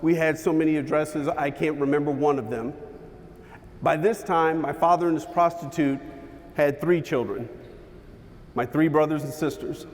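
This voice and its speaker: A man giving a motivational keynote, telling a personal story with dramatic pauses and shifts in pace. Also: on the high side, steady tone, in a large hall. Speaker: keynote speaker. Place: large hall with an audience.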